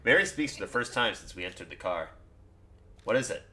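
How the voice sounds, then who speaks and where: A man reading a visual novel aloud as a player, animated and laughing between lines. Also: fairly low pitch, brisk. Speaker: game player narrating.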